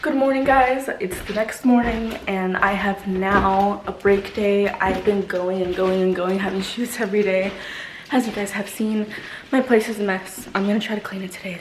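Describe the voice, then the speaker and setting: A woman's voice: mid-range voice, slight background noise, low-quality recording. A young woman in her twenties chatting casually to her vlog audience, rambling with lots of fillers. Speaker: vlogger.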